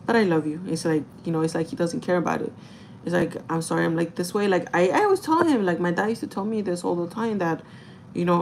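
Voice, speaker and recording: A woman's voice: lowish voice, creaky, a little hiss or hum, rough recording. A young woman chatting candidly to camera in a storytime vlog, emotional and laughing often, swearing casually. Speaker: vlogger.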